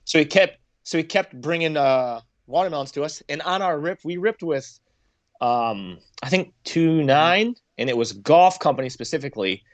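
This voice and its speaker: Brief: male podcast guest, lively storyteller, slightly high voice, dry close sound. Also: normal speed, no echo. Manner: animated, acts out quotes in raised voices. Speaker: podcast guest, former Marine. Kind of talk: casual storytelling.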